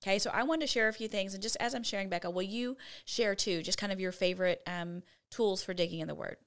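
In a casual faith podcast, a woman co-host speaks quickly at a medium pitch. She earnestly teaches the steps of Bible study one at a time.

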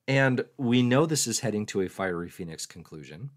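Answering viewers' questions on his casual comics livestream, the host jokes around and mocks himself. He has a fairly low, expressive voice and speaks at a normal speed.

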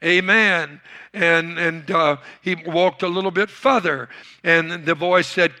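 A male pastor preaches to his congregation, calling out for amens and building to shouts. His voice sits high for a man and rings bright and forceful. Each point pushes toward a response from the room. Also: slow. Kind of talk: sermon. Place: church hall before a congregation.

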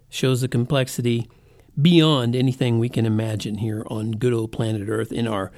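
A man's voice: mid-range voice, mellow. A middle-aged man hosting his own podcast, rambling conversationally and poking fun at himself. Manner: rambling, self-mocking, conversational. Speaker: podcast host. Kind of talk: casual monologue.

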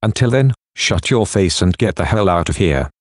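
A man's voice: deep voice, expressive, moderate pace, dry recording, studio quality. A man voicing an angry, violent stepfather who swears and threatens in harsh bursts. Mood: angry threatening. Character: angry violent male stepfather, bullying and crude.

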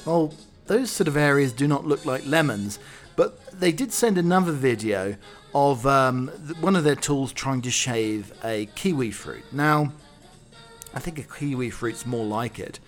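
A man's voice: medium pitch, lively intonation, a little slow, faint music behind. A man hosting a comedy podcast, reading out news items with dry, wry asides. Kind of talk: comic monologue reading news stories.

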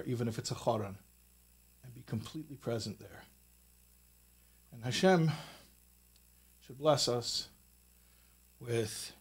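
A man teaching a Torah lesson in a studio, with a voice sitting at an ordinary middle pitch. He gets animated and louder when he drives a point home and often repeats words mid-thought. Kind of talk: recorded Torah talk with a closing blessing.

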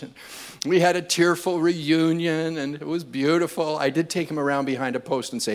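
High-voiced older man preaching a sermon. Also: moderate pace. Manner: animated, building to loud impassioned preaching. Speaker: pastor. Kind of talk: sermon with humorous storytelling.

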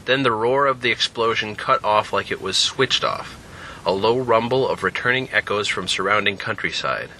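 A man narrating a scripted story in an expressive, lively way. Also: on the low side, normal speed, slight background noise. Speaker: narrator and podcast host.

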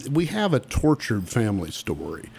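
A middle-aged man from Oklahoma, a musician guest on a podcast, speaking emphatically and deliberately. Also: on the low side, wildly swooping pitch, vocal fry, darkish tone, slightly rough. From Oklahoma, USA. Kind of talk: podcast interview.

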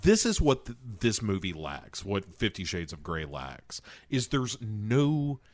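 A man's voice: on the low side, sing-song, a little slow, no echo. A man critiquing a film in a wry, joking way, laughing often and making pedantic corrections. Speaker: podcast co-host. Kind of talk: comedic movie discussion.

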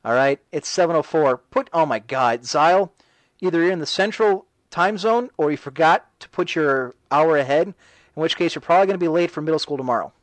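Guy hosting a talk radio show, snarky and ranty, fairly high voice, dead dry sound. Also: a little fast, no echo, low-quality recording. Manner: sarcastic, ranting. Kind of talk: casual talk radio, reading chat.

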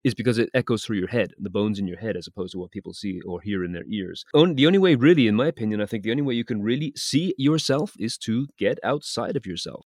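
Male interview host, low-pitched and measured, dry close recording. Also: expressive, darkish tone, no echo. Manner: measured, reflective, asks long questions. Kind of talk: conversational interview.

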